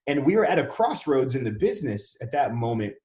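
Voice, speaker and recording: A real estate investor from Wisconsin tells his story as a guest on a podcast in Dallas, Texas, acting out the dialogue he quotes in casual interview style. His medium-pitched voice is brisk and dark, with big pitch swings, and the recording has a roomy echo.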